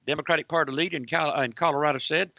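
A man with a gravelly, bright voice delivers preaching political talk full of rhetorical lists. He speaks emphatically, a little higher than most men. The sound is dry and slightly dull. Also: steady tone, very fast, no echo. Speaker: host.

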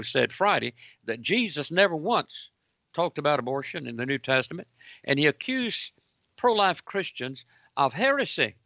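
A man's voice: on the high side, sharp tone, dry recording. A man hosting Christian call-in talk radio, giving indignant, preaching commentary. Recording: dull lo-fi broadcast audio.

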